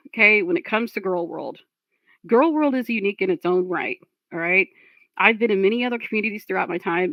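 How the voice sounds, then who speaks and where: A woman's voice: on the low side, no room sound, dull audio. A woman streamer commenting on a clip, blunt and profane, lecturing her chat.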